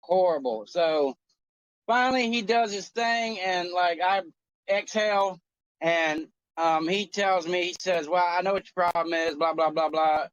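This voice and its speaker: A man in his forties on a talk show, telling a story in an animated, profane, joking way. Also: sits high, unhurried, clear, resonant tone, dry recording, highs cut off. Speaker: co-host. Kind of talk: casual chat.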